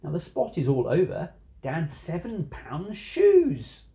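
A reader narrating a children's rhyming picture book aloud, expressive and rhythmic. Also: medium pitch, slow pace. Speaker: storybook reader.

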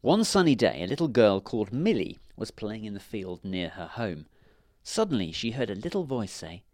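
Expressive man reading a children's story. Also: lowish voice, moderate pace, no room sound, studio quality.

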